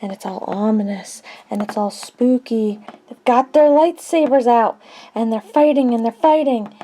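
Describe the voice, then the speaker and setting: A woman's voice: a little high, moderate pace, warm tone, slight background noise. A woman casually recapping a movie with toy figures, chatty and rambling, full of jokey asides. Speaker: vlogger.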